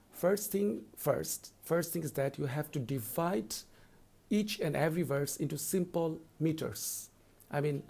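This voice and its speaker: Male lecturer, gravelly tone, patient repetitive teacher delivery. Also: a little high, darkish tone. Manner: deliberate, repetitive explaining, slows down to read verse lines. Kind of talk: recorded lecture.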